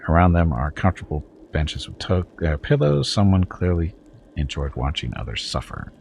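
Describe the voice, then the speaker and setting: A man's voice: low voice, sing-song, normal speed, gravelly, a little mellow, slight background noise. A man streaming a video game, chatting casually with viewers and making wry, chuckling asides. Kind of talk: casual let's-play commentary.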